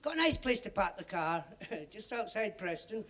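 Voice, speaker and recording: A man's voice: high voice, very animated, moderate pace. A male stand-up comedian firing off punchy one-liners. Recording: noisy 1970s TV studio with loud audience laughter.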